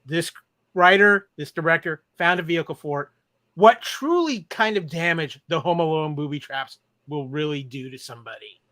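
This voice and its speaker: A man's voice: a little high, normal speed, bright, forceful tone, no room sound. A man co-hosting a podcast, talking about movies with playful sarcasm. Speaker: podcast co-host. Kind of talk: casual chat reviewing movies.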